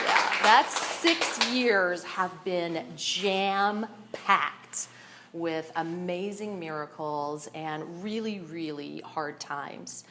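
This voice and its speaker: A woman with a fairly low voice gives a personal share to a recovery meeting. She sounds nervous and candid, often laughing between her words. A faint hum sits behind her. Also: a bit bright.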